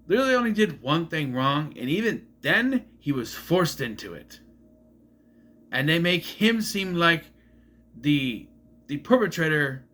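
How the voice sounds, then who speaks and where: A young man chatting through a movie review in a loose, rambling way, often breaking off to correct himself. His voice sits fairly high for a man, with lively rises and falls. The tone is bright and sharp. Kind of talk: casual film review vlog.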